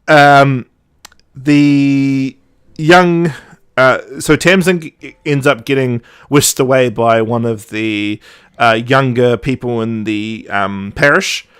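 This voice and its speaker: A man's voice: mid-range voice, takes it slowly, clean tone. A man hosting a podcast, retelling a story in casual chat and acting out the quoted lines. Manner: chatty, animated, acts out quoted dialogue with laughs. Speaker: podcast host.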